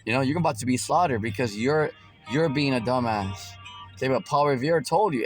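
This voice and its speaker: A man's voice: mid-range voice, a little fast. A man preaching as a street preacher in a ranting, mocking tone full of slang and swearing. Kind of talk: ranting religious commentary. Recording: loud background music.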